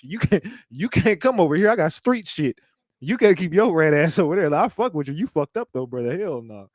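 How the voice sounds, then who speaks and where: A man's voice: fairly high pitch, a little mellow, dry recording, clean studio sound. A man hosting a live commentary show, talking in a rambling, profane way and repeating himself. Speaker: host.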